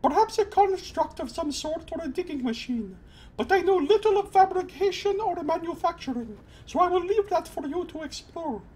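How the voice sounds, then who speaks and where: A man voicing a haughty, formal female fish-person agent while reading game dialogue aloud, in a stiff, drawn-out manner. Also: very high voice, expressive, a little mellow, pitched above the performer's own voice. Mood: aloof.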